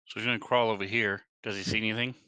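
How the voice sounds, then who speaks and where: A man's voice: lowish voice, fairly even intonation, racing, bright, forceful tone, clear, resonant tone, dry recording. A man playing a tabletop game, narrating his character's moves in the third person and asking the game master questions. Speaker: player. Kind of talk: tabletop game play over voice chat.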